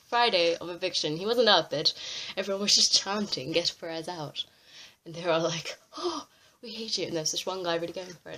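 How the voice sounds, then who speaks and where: A young woman ranting to camera on a vlog, exasperated and swearing freely with animated outbursts. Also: lowish voice. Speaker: vlogger. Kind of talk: ranting commentary.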